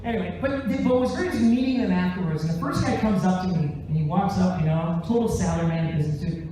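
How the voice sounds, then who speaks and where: A man tells a story on a theater stage as a stand-up comic, animated and quick to slip into voices. His voice rings through a very echoey room, picked up from far off, with a faint murmur of ambience behind it. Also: high voice, slight background noise. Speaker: stand-up comedian and musician. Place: large theater stage, live show. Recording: very echoey theater, distant mic.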